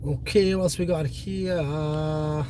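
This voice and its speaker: A man's voice: a little high, fairly even intonation, slow, dark tone, slight background noise, poor audio. A man hosting a casual livestream, talking bluntly and profanely and often ranting in a fired-up way. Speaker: livestream host.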